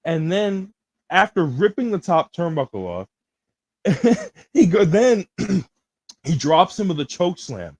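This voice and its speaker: Excitable slangy man talking wrestling. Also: high voice, slow, no room sound, rough recording. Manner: excitable, slangy, says bro a lot. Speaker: podcast co-host. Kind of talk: casual wrestling review chat.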